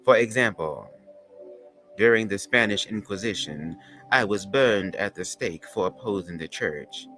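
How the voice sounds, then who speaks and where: Man doing a grand older Southern woman poet: slow, solemn recitation, low and bright. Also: soft background music. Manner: slow, measured, dramatic recitation. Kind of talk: dramatic poem reading.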